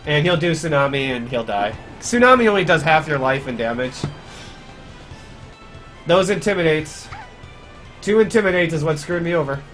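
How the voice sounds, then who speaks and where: A man's voice: a little high, very animated, normal speed, long pauses, a bit bright, soft background music. A man giving casual live commentary on his speedrun, chatty and grumbling about mistakes. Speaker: speedrunner streamer.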